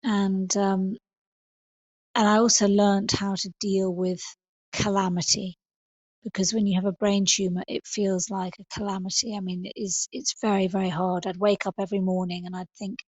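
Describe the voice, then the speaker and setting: A middle-aged woman, a podcast guest, talking in a thoughtful, halting way with many fillers and restarts. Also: medium pitch, little pitch movement, no room sound. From England. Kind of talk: podcast interview.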